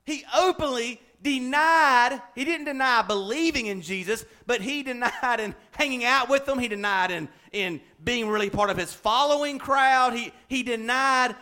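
A man preaching a folksy, lively sermon as pastor, laughing and acting out everyday examples. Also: very high-pitched, normal speed, few pauses.

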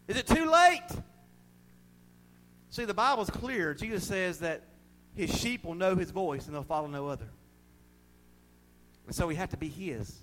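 A male pastor with a Southern US accent preaching a sermon, swinging from shouted proclamation to quiet, confiding asides. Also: high-pitched.

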